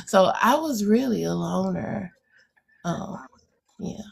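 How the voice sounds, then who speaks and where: A woman with a country Alabama drawl answers interview questions at a slow, deliberate pace. She reflects out loud, circling back and hesitating with fillers before landing her point. Her pitch sits in an ordinary middle range. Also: lively intonation, gravelly, breathy edge. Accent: rural Alabama. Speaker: guest poet. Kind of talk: casual interview chat.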